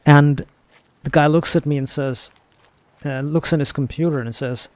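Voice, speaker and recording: A man's voice: fairly high pitch, steady tone, moderate pace, dry recording. A young man streaming a game, rambling through a story with casual swearing. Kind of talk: casual gaming chat.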